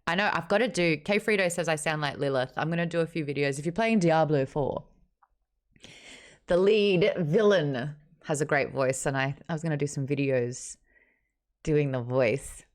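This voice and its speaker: An Australian woman in her thirties hosting a live-streamed book club chat, joking and talking fast. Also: low voice. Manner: lively, fast-running, joking. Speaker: host.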